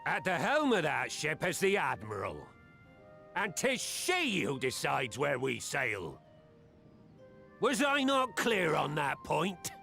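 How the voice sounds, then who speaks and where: Gravelly old pirate captain. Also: male voice, huge pitch swings, takes it slowly, bright, forceful tone, soft background music, heavily acted. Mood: stern. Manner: rolling pirate speech, booming declarations. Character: grizzled old male pirate captain, rousing. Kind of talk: game cutscene voice acting.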